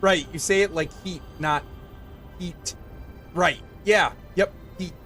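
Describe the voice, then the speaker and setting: A man's voice: high voice, moderate pace, fairly bright tone, faint music behind. A young man with a Southwest Michigan accent, chatting casually with viewers and reading chat as a streamer, rambling with many fillers. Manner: rambling, filler-heavy, reads chat aloud.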